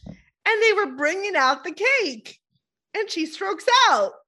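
A woman hosting a podcast, telling stories in an animated, casual way with frequent fillers and laughter. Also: extremely high pitch, slow pace, heavy background noise. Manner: animated storyteller, laughs often, many fillers. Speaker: podcast host. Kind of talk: casual chat.

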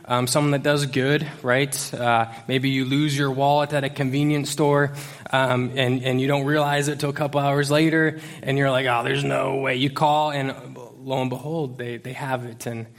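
A man's voice: mid-range voice, flat delivery, moderate pace. A man preaching as youth pastor to a church congregation, talking in a casual, joking way with lots of fillers and restarts. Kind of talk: conversational sermon. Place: church service before a congregation.

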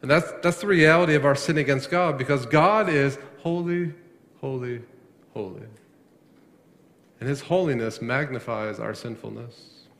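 Male pastor, mid-pitched, preaching with rhetorical questions and repeated words, in a reverberant sanctuary. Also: moderate pace, a bit bright. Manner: asks questions and answers them himself, repeats words when emphatic. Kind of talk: sermon. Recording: long echo of a large hall.

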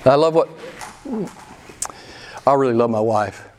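With slight background noise behind him, a pastor preaches forcefully, asking rhetorical question after rhetorical question and alternating loud and quiet passages. His pitch is medium and his pace a little slow.

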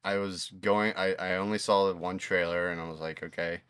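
A man with a very deep, smooth voice speaks as a podcast guest. He rambles with enthusiasm, and the sound is dry and close. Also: steady tone, moderate pace, fairly bright tone, no room sound. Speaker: guest filmmaker. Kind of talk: casual conversation.

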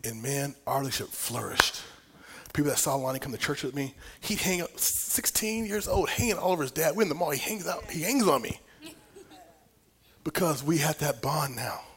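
A middle-aged man preaching a sermon, telling a personal story with big swings from whispers to loud, laughing exclamations. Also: a little high, normal speed. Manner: animated storytelling, dropping to whispers and rising to near shouts.

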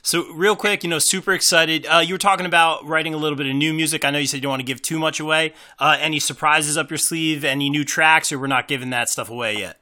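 Bright-voiced laid-back male interviewer. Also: fairly high pitch, steady tone, fast talker, few pauses. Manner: laid-back, drops "man" often, chatty. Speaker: interview host. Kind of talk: casual podcast interview.

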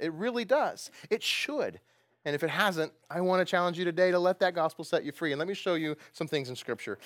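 A man preaching a sermon to a congregation, asking them questions and building to loud, emphatic bursts. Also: fairly high pitch, dry recording. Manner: asks the congregation questions and laughs often. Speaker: pastor.

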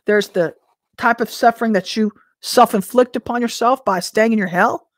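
A woman teacher and minister giving informal prophetic teaching in a conversational way, full of rhetorical questions and an occasional throat clearing. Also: a little high, moderate pace, dry recording, clean studio sound.

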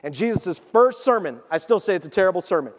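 A male pastor preaching a sermon, telling stories with lively acted-out quotes. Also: high voice, quick pace, a little hiss or hum. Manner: animated storytelling, acts out quoted voices. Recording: long hall reverb.

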